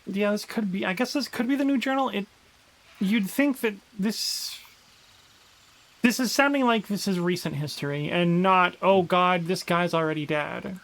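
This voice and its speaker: A man's voice: high voice, moderate pace, fairly bright tone, rough recording. A man streaming a survival game live, chatting casually and reading in-game journal entries aloud with dramatic flair.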